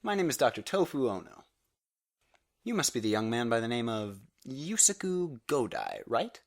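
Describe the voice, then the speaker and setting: A kindly doctor who is bashful about his feelings, voiced by a performer. He speaks gently, with a lively pitch, in a fan radio play. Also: moderate pace. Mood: friendly. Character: shy, kindly male doctor.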